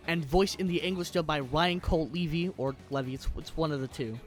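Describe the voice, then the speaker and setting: A man's voice: a little high, a little fast, soft background music. A young man giving a casual, slangy film review, sometimes tripping over his words. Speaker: YouTube movie reviewer. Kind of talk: casual movie review monologue.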